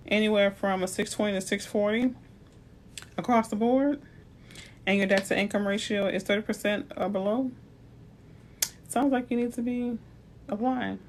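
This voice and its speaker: A woman's voice: mid-range voice, normal speed, long pauses. A woman from New Orleans with a New Orleans accent, a realtor giving chatty, playful advice on a live stream. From New Orleans, USA. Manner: chatty, playful asides to viewers.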